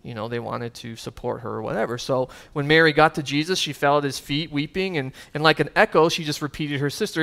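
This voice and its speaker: A man's voice: fairly high pitch, brisk, vocal fry, few pauses, fairly bright tone. A man preaching a sermon as pastor, earnest and conversational, with casual asides and fillers.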